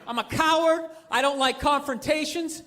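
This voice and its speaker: Middle-aged male stand-up, high and punchy, ranting with sudden shouts. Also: moderate pace, some chatter behind. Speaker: stand-up comedian. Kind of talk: stand-up comedy set.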